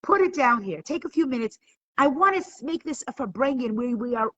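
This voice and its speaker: A woman's voice: high-pitched, lively intonation, fairly quick, fairly bright tone, lo-fi sound. A woman leading a live online class, speaking with emotion and building to emphatic peaks, sometimes stumbling and repeating words when moved. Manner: impassioned, rising to emphatic peaks.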